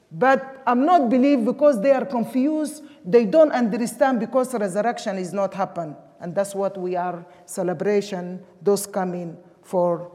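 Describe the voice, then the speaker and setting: A woman's voice: mid-range voice, measured pace, few pauses, mellow. A woman from Sudan, preaching a sermon emphatically in English. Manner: emphatic, with non-native English grammar. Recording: long hall reverb.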